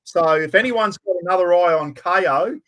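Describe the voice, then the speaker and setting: An Australian podcast host keeps things casual, blokey and talkative, calling everyone mate. His voice sits high, a bit bright, at a moderate pace.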